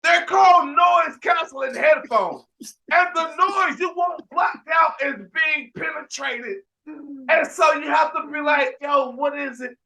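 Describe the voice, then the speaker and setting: High, bright-voiced man ranting animatedly. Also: takes it slowly, creaky. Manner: animated, ranting storyteller with frequent restarts; shouts for emphasis. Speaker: podcast host. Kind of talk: casual sports podcast chat.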